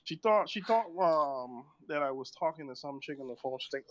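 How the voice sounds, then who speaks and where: A man in his thirties rambles through stories in casual chat, breaking into laughter often. His pitch leaps around a great deal, and faint noise sits under the recording. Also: animated, moderate pace, a bit bright, highs cut off.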